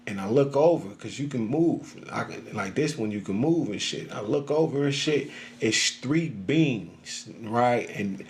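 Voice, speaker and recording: A man's voice: medium pitch, a little hiss or hum. A man casually telling a story, rambling and profane, often laughing. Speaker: social media storyteller.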